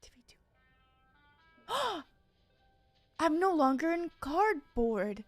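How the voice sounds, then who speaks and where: High, lively young woman streaming a game. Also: takes it slowly, no echo. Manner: excitable, shrieks and yells under pressure. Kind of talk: live gameplay commentary. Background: game music.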